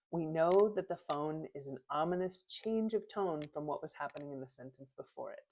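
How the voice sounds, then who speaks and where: A woman teacher explaining punctuation in a clear, step-by-step way, reading example sentences aloud with their punctuation marks. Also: fairly low pitch, moderate pace, few pauses, mellow, slight background noise. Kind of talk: lesson on punctuation.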